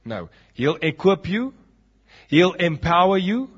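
South African male pastor, husky and fairly high, emphatic sermon delivery, lo-fi sound. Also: animated, normal speed, pauses often. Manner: emphatic preaching with dramatic drops. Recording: dull lo-fi recording.

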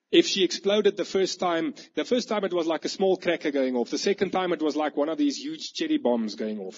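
A man, preaching a sermon with animated, vivid storytelling. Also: on the high side, slightly rough. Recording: dull lo-fi recording.

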